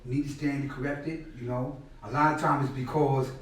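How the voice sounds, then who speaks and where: A middle-aged man telling stories at a class in a casual, animated way, often acting out what others said and repeating words. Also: medium pitch, brisk. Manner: animated, acts out quoted people loudly, repeats words. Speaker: guest speaker at a class. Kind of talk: conversational storytelling lecture. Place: indoor classroom space. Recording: very echoey room, mic far off.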